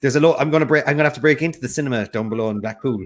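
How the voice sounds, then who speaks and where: A man co-hosting a charity quiz stream, rambling through stories in quick chatter. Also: medium pitch. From Ireland. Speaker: quiz co-host. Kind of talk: casual live-stream chat.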